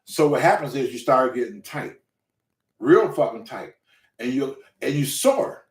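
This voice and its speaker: A man hosting a show, telling a story in casual, profane speech and acting out the quotes. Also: a little slow. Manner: animated, profane, acts out quotes with loud pitch jumps. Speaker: show host. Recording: echoey room.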